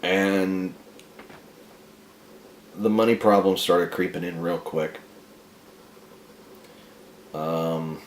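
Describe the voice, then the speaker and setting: A man telling a dark, comic story about himself in a crude, profane, rambling way. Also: low voice, steady tone, slow, pauses often, echoey room, a little hiss or hum.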